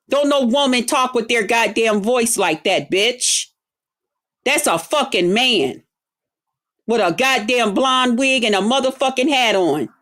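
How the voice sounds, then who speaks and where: A woman ranting angrily at her viewers on a livestream, cursing and confrontational, stretching out words for emphasis. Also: on the high side. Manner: angry, profane, confrontational. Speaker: streamer addressing her viewers. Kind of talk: heated livestream rant.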